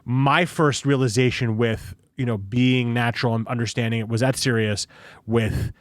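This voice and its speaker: A man's voice: mid-range voice, fairly even intonation, normal speed, dry recording. A young man hosting a podcast in casual chat, rambling and swearing, recorded on a studio microphone. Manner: swearing, rambling, laughs often. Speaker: podcast host.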